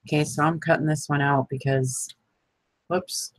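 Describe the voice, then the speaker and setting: A crafting vlogger with a deep voice chats casually with her viewers as she makes envelopes, laughing often and addressing them by name. Her intonation is fairly even and her speed normal, on a dry, rough recording.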